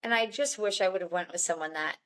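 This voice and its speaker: A woman's voice: medium pitch, fast talker, fairly bright tone, clean tone. Young woman guest, candid storyteller, chatty with small laughs. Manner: chatty, many "like"s, laughs between lines.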